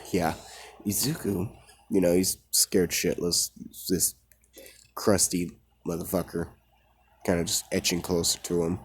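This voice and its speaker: A man's voice: low voice, flat delivery, measured pace, pauses often, slightly rough. A man casually retelling a fan story in a rambling, profane way, full of fillers.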